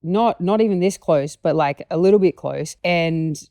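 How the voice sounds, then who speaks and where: A chatty woman guest telling stories about training dogs, with plenty of fillers. Her voice sits low and sounds close and dry. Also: normal speed, warm tone, no echo. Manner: chatty, many fillers, acts out quotes. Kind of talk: casual conversation, anecdotes.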